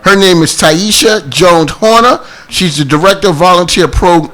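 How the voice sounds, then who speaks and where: A man with a Boston accent hosting a casual talk show, loud, animated and jokey. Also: sits high, moderate pace. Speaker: host.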